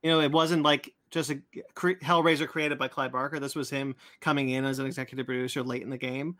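A man's voice: medium pitch, flat delivery, fast talker, a bit bright. A man hosting a casual pop-culture chat, reading out news items in a loose, chatty way. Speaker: podcast host reading news.

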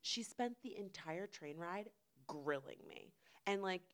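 A young woman who writes comedy, telling an animated story in casual chat and swearing freely. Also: lowish voice, unhurried. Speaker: late-night comedy writer.

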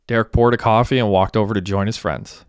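A man reading a novel aloud in an even, steady storytelling manner. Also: on the low side, fast, clear, resonant tone, no echo, clean studio sound. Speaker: audiobook narrator. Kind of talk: scripted narration.

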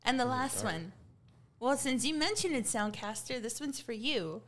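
A woman with a fairly high, lively voice that swoops up and down as she talks. She giggles her way through a loose group conversation as its host. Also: moderate pace, a little hiss or hum. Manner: giggly, laughs often, animated. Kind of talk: casual group chat.

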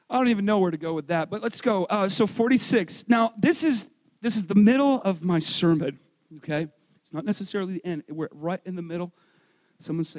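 A married man preaching a sermon with loud, energetic delivery, dropping into quiet self-mocking asides. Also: high voice, a little fast, big-room sound. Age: adult, married. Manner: swings between shouting and quiet asides. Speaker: pastor.

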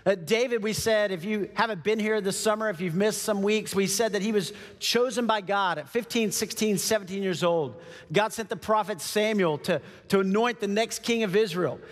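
A man preaching a sermon in a church, telling a scripture story in a lively, conversational way. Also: sits high, normal speed. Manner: animated, conversational, acts out the scenes. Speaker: pastor. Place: church auditorium. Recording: long church-hall reverb.

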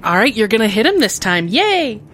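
A woman's voice: on the high side, sing-song, moderate pace, a bit bright, faint music behind. A woman narrating as game master of a tabletop game, patiently explaining the rules.

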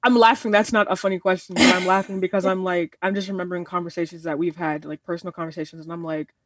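A woman's voice: on the low side, steady tone, quick pace, no echo, recorded from a distance. A woman around twenty in a casual discussion, earnest and rambling, restarting her sentences and slipping into quoted asides. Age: 20s. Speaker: panelist.

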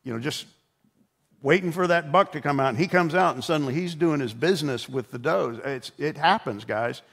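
A man's voice: on the high side, fairly quick, creaky, fairly bright tone, slightly rough. A middle-aged man preaching a sermon in a conversational, humorous storytelling way, often restarting his words. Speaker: pastor.

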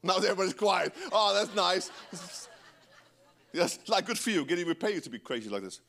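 A middle-aged man preaching a sermon in church, animated and breaking into joking asides to the congregation. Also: sits high, fairly quick, creaky. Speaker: pastor.

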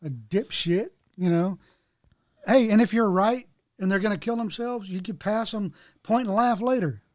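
A man's voice: high-pitched, normal speed, a little mellow, no echo. Joking man with a dry close sound. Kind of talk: casual chat.

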